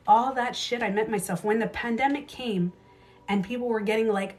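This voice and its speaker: A woman in her thirties talks through her own hard stories on a casual livestream, with a mid-range pitch, blunt swearing and lively asides. Faint music plays underneath her voice. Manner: candid, swears freely, animated retelling with quick asides. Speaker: beauty coach livestream host.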